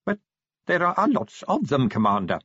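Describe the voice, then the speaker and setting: A jittery, stammering little clerk, as a male narrator puts him on, his voice climbing high and thin with fright. The tone is husky and the audiobook recording is dull and dry. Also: wildly swooping pitch, normal speed, fairly bright tone, no echo, full character voice. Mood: fretful. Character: nervous fussy male clerk inspector.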